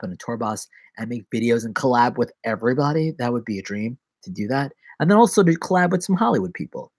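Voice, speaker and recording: A man's voice: medium pitch, animated, a little fast, few pauses, no room sound. A man chatting casually on a live stream, rambling from one joke and bit of wordplay to the next.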